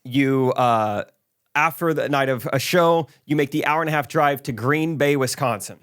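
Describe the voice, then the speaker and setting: A man hosting a podcast in casual chat, telling stories in an animated way and laughing often. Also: mid-range voice, moderate pace, smooth. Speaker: podcast host.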